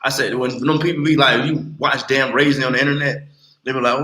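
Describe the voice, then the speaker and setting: A man in his late twenties talking bluntly and with lots of swearing on a casual livestream, telling animated stories. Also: medium pitch, fairly quick, roomy sound, rough recording. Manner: blunt, profane, animated storytelling. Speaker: livestream host.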